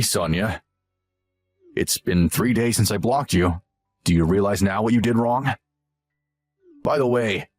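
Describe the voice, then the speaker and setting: A man's voice: mid-range voice, natural voice. A man voicing a selfish, arrogant young husband who scolds and talks down to his wife. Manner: condescending, whiny and scolding. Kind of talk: scripted story narration.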